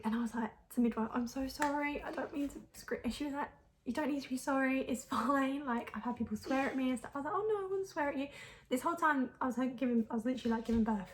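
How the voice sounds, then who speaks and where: A young mum vlogger with a slightly high voice tells a personal story to camera, frank and chatty, laughing often and using lots of fillers. There's slight background noise.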